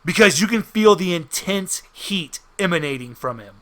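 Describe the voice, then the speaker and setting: A man's voice: sits high, lively intonation, normal speed, a bit bright. A man narrating a tabletop game as game master, in an easygoing way with frequent restarts.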